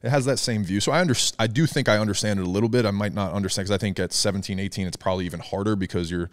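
Fast-talking man from New Jersey, profane. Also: lowish voice. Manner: fast, profane, animated storytelling. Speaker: podcast host. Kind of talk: casual chat.

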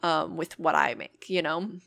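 A woman's voice: low voice, a little slow, gravelly, fairly bright tone. A young adult woman hosting her own podcast, talking earnestly and reflectively in a casual, rambling way with many filler words. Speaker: podcast host. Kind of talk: casual solo podcast talk.

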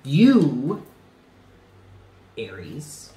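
A man's voice: mid-range voice, huge pitch swings, drawn-out words, mellow, reverberant, slight background noise, poor audio. A man giving a tarot reading, speaking earnestly and stressing points by repeating them. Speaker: tarot reader.

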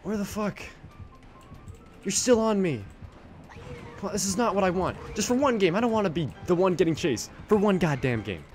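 A man giving live, swearing gameplay commentary, muttering low asides and yelping when he is chased. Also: very animated, brisk, a little mellow, faint music behind. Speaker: gaming channel host.

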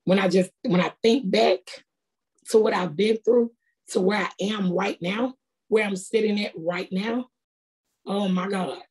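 A woman's voice: mid-range voice, measured pace, a little mellow. A middle-aged woman, preaching a sermon in an earnest, conversational, colloquial way. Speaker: prophetess preaching.

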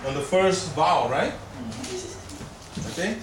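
A man's voice: high voice, sing-song, unhurried, fairly bright tone. A man teaching a language class and quizzing his students with questions. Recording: echoey room, camera far off, noisy.

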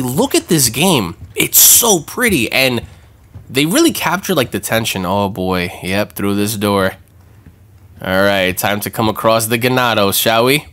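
A man hosting a gaming channel, giving excitable let's-play commentary with swearing and jumpy reactions. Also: mid-range voice, unhurried.

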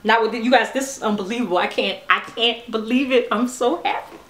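A woman's voice: on the high side, fairly quick, background noise. Chatty woman vlogger in an echoey room. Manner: excitable, chatty, addresses viewers as "you guys". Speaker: natural hair vlogger. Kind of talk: casual product demo chat.

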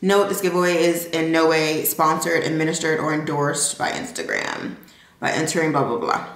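A young woman vlogs with a low, expressive voice at a moderate pace, though the audio is poor. She chats casually and directly to viewers, laughing often, first at home and then at a restaurant.

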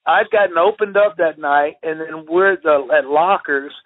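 A man's voice: a little high, normal speed. A man, a retired pro wrestler, telling rambling anecdotes in casual conversation, often laughing. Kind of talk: casual storytelling. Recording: tinny phone-like audio.

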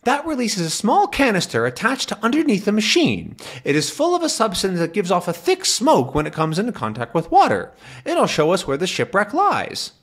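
A man putting on a high-pitched elderly inventor from a comic, eager and explaining at speed, with a voice far above his own. The pitch swings widely, and the tone stays pressing and technical. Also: huge pitch swings, moderate pace, a bit bright, slightly rough, exaggerated voice. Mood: urgent. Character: excitable elderly male professor inventor.

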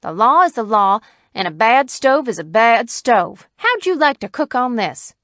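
A woman plays a blunt, stout-hearted farm wife in a period story, her speech firm, loud and forthright. The sound is close and dry, with no room around it. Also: medium pitch, normal speed, dry recording, close to an everyday voice. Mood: forceful. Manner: firm, forthright, with a rural lilt.

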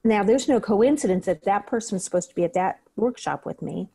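Woman guest, breathwork teacher, earnest conversational delivery with a warm, dark tone. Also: mid-range voice, expressive, brisk, creaky, slightly rough. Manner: earnest, acts out her own inner questions. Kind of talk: conversational interview.

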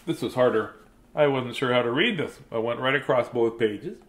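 A man's voice: medium pitch, moderate pace, a little hiss or hum. A man reading a children's picture book aloud, with chatty, chuckling asides. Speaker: storybook reader.

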